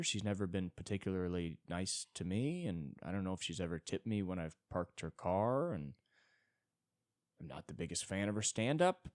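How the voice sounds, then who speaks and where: A young man hosting a solo comedy podcast, rambling and self-deprecating, with sudden jumps into high-pitched bits. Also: dry recording, clean studio sound. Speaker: podcast host.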